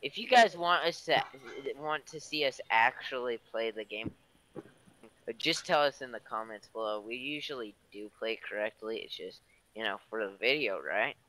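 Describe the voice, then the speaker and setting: A man's voice: mid-range voice, lively intonation, normal speed, sharp tone, low-quality recording. A man giving casual gameplay commentary, with dry quips and stammering restarts. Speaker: gaming video co-host.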